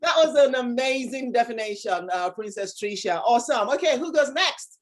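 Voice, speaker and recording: A woman's voice: fairly high pitch, animated, normal speed. A woman hosting an online workshop over a video call, bubbly, laughing often and full of exclamations. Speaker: workshop host.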